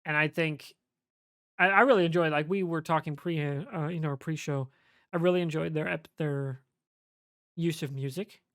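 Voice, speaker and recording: A podcast co-host talks through their views in a measured, analytical way, with many fillers. The voice sounds dry and close, with no room echo. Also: medium pitch, steady tone, a bit bright. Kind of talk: casual podcast chat.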